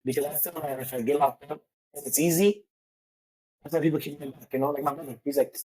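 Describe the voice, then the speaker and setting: Fast, raspy-voiced guy telling his past straight, cursing a lot, loose street talk. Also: fairly high pitch, fairly even intonation, warm tone, rough recording. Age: adult father. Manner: rapid, profane, street slang, frequent fillers. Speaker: podcast guest. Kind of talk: candid personal storytelling.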